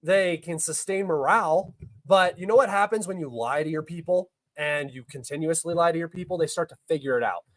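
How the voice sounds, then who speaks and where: In another bit of heated live-stream commentary, the young male host reads chat questions and shoots back blunt, argumentative responses, sometimes with swearing. His voice sits on the high side and runs a little fast, with no echo and low recording quality.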